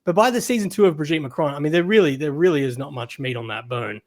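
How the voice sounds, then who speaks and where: Guest, Australian man, fairly high voice, hesitant and loose. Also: quick pace. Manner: hesitant, many ums and restarts. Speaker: guest content creator. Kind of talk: casual interview.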